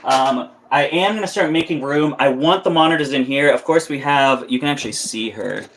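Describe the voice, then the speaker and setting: A man's voice: medium pitch, fairly quick, a bit bright, a little hiss or hum. A young man live-streaming as a reptile keeper, ranting in a heated, profane way with many restarts. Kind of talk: casual live-stream rant.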